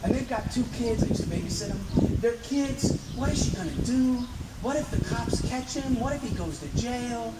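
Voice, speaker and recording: A man telling a personal dream story to an audience outdoors, building vivid excitement and sometimes breaking into laughter. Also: extremely high pitch, normal speed. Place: outdoors on a hill. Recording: distant, echoey outdoor recording with background noise.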